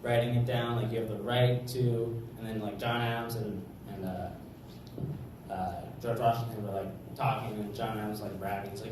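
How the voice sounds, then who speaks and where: A man's voice: on the low side, level tone, normal speed. A young man doing a stand-up comedy set on a club stage, rambling with lots of fillers. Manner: rambling, filler-heavy delivery. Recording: echoey club room, mic from far off, noisy.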